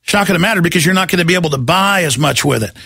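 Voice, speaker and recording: A man hosting a talk radio show, yelling and ranting about politics and mocking what he opposes in put-on voices. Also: a little high, expressive, racing, creaky, breathy edge. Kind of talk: impassioned political radio rant.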